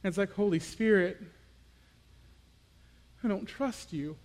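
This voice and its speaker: A young man giving a personal, confessional sermon as a youth pastor, moving between quiet reflection and animated storytelling. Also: sits high, slow pace, long reverb tail.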